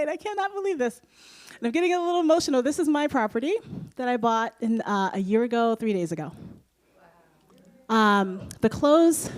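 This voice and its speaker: A woman in her thirties from the United States, giving an animated, laugh-filled presentation to an audience as a guest speaker, with many fillers. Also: a little high. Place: school presentation room.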